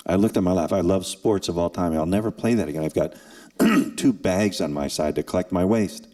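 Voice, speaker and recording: Low-voiced man telling a survival story. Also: mellow. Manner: earnest, with dramatic pauses and acted quotes. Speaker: former NFL kicker and forum speaker. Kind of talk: emotional personal storytelling to students. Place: event hall.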